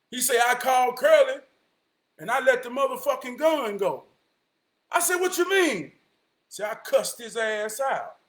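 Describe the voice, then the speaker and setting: A man with a drawl spins a rambling tale in a very high voice, often raising it to a shout and acting out each friend. The sound bounces around an echoey room. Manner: animated, often shouting, slips into quoted voices. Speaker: storyteller. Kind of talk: casual storytelling.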